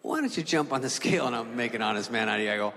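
A man's voice: racing, background noise. A man telling a stand-up comedy story, acting out the people in it with big jumps in his voice. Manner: animated, acts out characters with big pitch jumps. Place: comedy venue stage. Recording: live room with long reverb and loud crowd.

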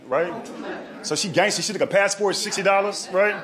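A man with a Texan accent telling a story on a comedy club stage, checking in with the audience with a steady "right?". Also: high-pitched, brisk. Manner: punchy, keeps asking "right?" to the crowd. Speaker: stand-up comedian. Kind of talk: stand-up storytelling. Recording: live club crowd. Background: audience laughter.

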